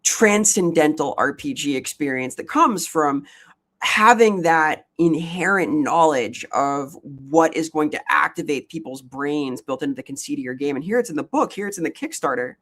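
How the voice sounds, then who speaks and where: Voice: medium pitch, expressive, normal speed, fairly bright tone. A podcast co-host in casual chat, articulate and wordy with a playful streak.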